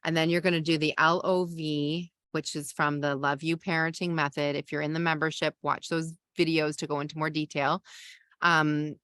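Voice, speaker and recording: A woman's voice: low-pitched, a bit bright, dry recording, clean studio sound. A woman, a parenting coach and podcast host, teaching a masterclass in a conversational way and explaining with everyday examples.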